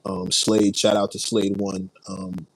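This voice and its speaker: A man from New chats easily on a livestream, wandering from thought to thought and answering viewers by name. His voice sits low, and the sound is close and dry. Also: flat delivery, slow, no room sound, rough recording. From New York. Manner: rambling, laid-back, reads and answers chat. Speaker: livestream host. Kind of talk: casual livestream chat.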